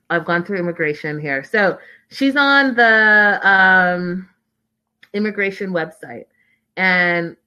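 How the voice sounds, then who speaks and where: A woman's voice: mid-range voice, sharp tone. A woman giving a casual, opinionated recap of a reality TV show, stressing points by repeating words.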